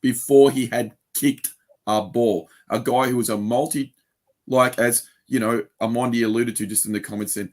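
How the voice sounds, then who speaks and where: A man with a mid-range voice argues his point in a casual football chat. He mocks a pundit's opinions in quick imitations and drives the talk forward with pointed remarks. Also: medium pitch, fairly even intonation, a little mellow. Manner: argumentative, mocking imitations of a pundit. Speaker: podcast co-host.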